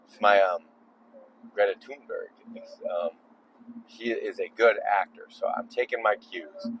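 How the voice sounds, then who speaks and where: A man's voice: fairly low pitch, a little slow, a little hiss or hum, poor audio. A man making a casual video while driving on the freeway at night, rambling with joking asides. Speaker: vlogger.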